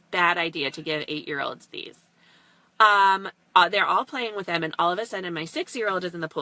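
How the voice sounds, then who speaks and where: A woman's voice: mid-range voice, sharp tone, dry recording. A woman in her thirties, a mom hosting a casual live stream, chatting in a rambling way with lots of fillers and casual swearing.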